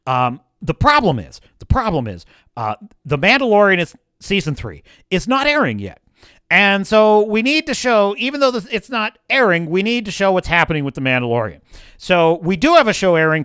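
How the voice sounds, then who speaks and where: A man's voice: high-pitched, sing-song, normal speed, fairly bright tone, smooth, no room sound. Male stream host, blunt and heated, dry close sound. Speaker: livestream host. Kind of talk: ranting live stream commentary.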